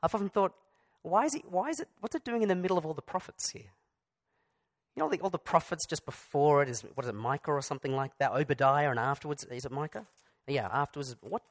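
A man's voice: a little high, fast talker. Chatty man preaching a sermon. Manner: conversational with asides and repeated restarts. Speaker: pastor.

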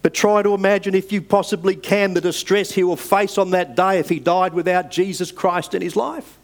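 A man delivers a sermon in a somewhat higher voice, earnest and measured. He pushes up hard on key phrases and then sinks back down to a soft, slow close. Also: fairly even intonation. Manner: earnest, measured, with emphatic rises and soft drops. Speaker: preacher.

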